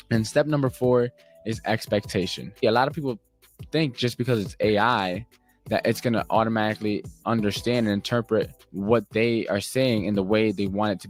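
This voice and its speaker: A man explaining a process step by step in a clear teaching manner. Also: on the low side. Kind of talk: instructional explanation. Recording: faint background music.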